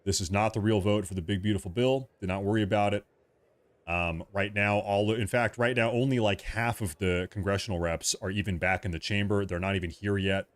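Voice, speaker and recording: A man hosting a live stream, giving casual commentary and repeatedly telling viewers not to worry, clearing his throat often. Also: lowish voice, steady tone, a little fast, dry recording. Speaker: livestream host.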